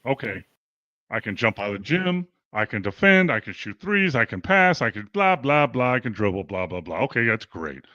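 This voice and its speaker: An older man, once a pro basketball player and now a coach, tells stories in a casual interview and acts out the quotes with animation. His voice is medium-pitched at a normal speed, and the recording is dry and muffled.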